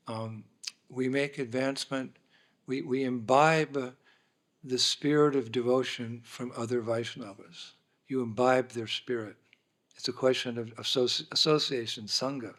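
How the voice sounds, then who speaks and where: A man as guest speaker at a dinner, telling an anecdote in a lively way and acting out the dialogue. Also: mid-range voice. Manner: lively storyteller, acts out dialogue. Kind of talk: anecdotal storytelling talk. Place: dinner hall, indoors.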